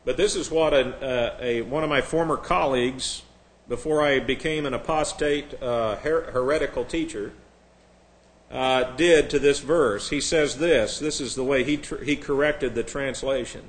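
A man's voice: mid-range voice, normal speed. A man preaching a sermon in a sarcastic, mocking way. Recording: echoey room.

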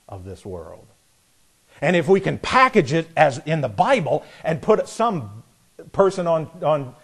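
A man preaching with a fairly high voice for a man. His delivery is folksy and sarcastic, and he slips into the voices of imagined people to make his point. His volume rises sharply when he drives a line home. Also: husky. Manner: folksy and sarcastic, rising loud on punchlines. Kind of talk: sermon.

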